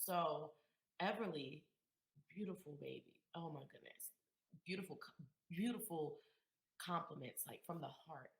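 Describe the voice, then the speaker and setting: A woman from Queens, New York, telling a heartfelt personal story as an interview guest, emotional and emphatic, swinging between loud and hushed. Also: low voice, measured pace, long pauses, roomy sound, poor audio. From Queens, New York, USA. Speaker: guest, community activist.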